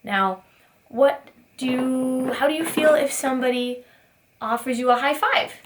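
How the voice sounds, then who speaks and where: A woman teaching a preschool circle time, asking gentle questions in a sing-song teacher voice. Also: high voice, measured pace, music in the background. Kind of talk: circle time lesson for young children.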